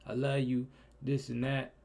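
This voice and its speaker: A young man giving casual, slangy reaction commentary, his voice swinging between loud outbursts and low mutters. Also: completely flat delivery, measured pace, vocal fry. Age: young adult. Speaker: reaction streamer.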